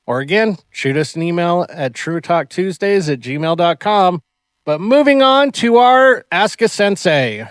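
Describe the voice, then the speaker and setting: A martial arts instructor hosting a casual podcast, telling animated stories and acting out the people in them. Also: male voice, high-pitched, unhurried, clear, resonant tone, no room sound. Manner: animated storyteller who acts out the people in his stories.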